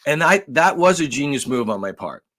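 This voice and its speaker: Profane storytelling man, animated. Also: mid-range voice, a little fast. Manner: animated, profane storytelling, acts out phone calls. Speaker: podcast co-host. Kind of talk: casual storytelling chat.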